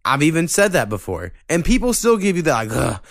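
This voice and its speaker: A man's voice: fairly high pitch, quick pace, no echo, studio quality. A man hosting a podcast, chatting casually and ranting with lots of swearing. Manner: profane, ranting, animated when annoyed. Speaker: podcast host.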